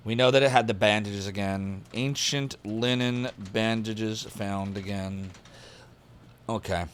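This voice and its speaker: A man streaming a detective game, reading its newspaper text aloud and chatting casually as he thinks out loud and jots down notes. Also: lowish voice, fairly even intonation, takes it slowly, a little hiss or hum.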